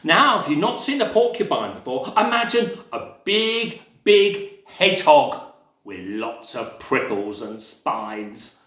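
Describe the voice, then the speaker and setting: A man telling a picture-book story to young children in a playful, animated way, with sound effects and asides to the listeners. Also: on the high side, slow, reverberant. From England. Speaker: library storyteller.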